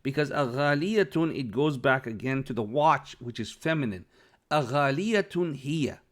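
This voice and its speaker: A man's voice: medium pitch, lively intonation, moderate pace. A man teaching Arabic, reading phrases from a dialogue aloud, translating them and explaining the grammar, often checking in with "okay?".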